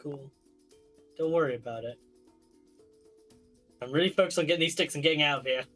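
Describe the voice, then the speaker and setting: A man's voice: fairly high pitch, sharp tone, faint music behind, rough recording. A man playing a tabletop game, joking and laughing often in casual role-play. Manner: jokey, laughs often, quick asides. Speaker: player.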